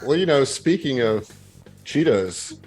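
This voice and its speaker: A man narrating as game master in a relaxed, halting way with fillers. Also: medium pitch, music in the background.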